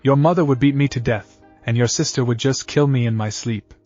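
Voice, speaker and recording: A man's voice: medium pitch, brisk, darkish tone, soft background music, natural voice. A man reading the lines of a boastful, lecherous older male ninja uncle. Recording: dull lo-fi audio.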